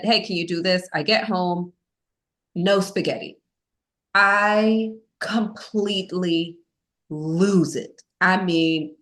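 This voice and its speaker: A woman's voice: fairly low pitch, a bit bright. A woman as a podcast guest, telling a personal story in a candid, self-mocking way, with many fillers.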